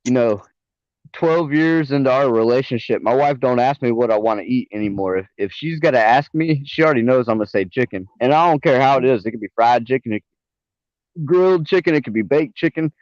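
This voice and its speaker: A man's voice: medium pitch, a little fast, a little mellow, dry recording. Southern guy, casual profane chat, dry muffled online mic. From American South. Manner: laid-back, profane, laughs often.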